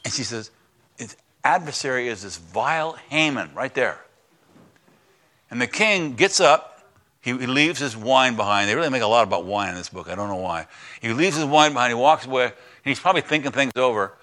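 A male pastor with a mid-range voice preaches fast, retelling a story in lively, plain language. He swings between loud exclamations and hushed emphasis.

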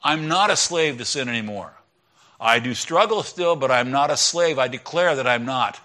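A middle-aged male pastor giving a conversational sermon, swinging between loud emphatic lines and quiet asides. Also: mid-range voice, animated, moderate pace.

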